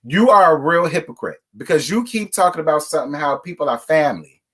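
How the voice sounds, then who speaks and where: A man's voice: on the high side, lively intonation, fairly quick, a bit bright, breathy edge. A man hosting a casual reality TV recap, talking bluntly and profanely in a scolding tone. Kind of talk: casual commentary rant.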